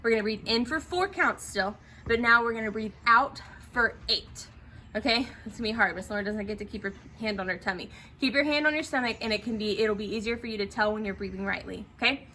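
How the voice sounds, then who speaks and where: A woman teaching theatre students talks fast in a sharp, somewhat high voice as she guides them through breathing exercises. Encouraging throughout, she often checks with "okay?", and there's a little hiss or hum.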